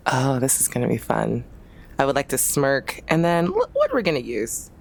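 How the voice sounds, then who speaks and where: Casual woman player, very low voice. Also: wildly swooping pitch, fairly quick, vocal fry. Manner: casual, filler-heavy, laughing. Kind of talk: tabletop role-play chat.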